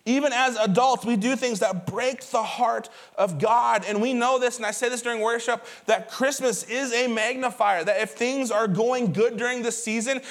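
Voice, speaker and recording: A male pastor preaching a sermon to his congregation in a church, in a conversational way, telling stories with lively emphasis and repeated words. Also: very high voice, moderate pace, hardly any pauses. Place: church auditorium before a congregation.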